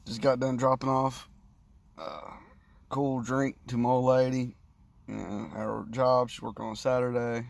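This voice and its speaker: A man's voice: mid-range voice, flat delivery, unhurried, vocal fry, no echo. A man casually telling a crude, rambling story, swearing often. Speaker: vlogger. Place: sitting, indoors or in a parked car.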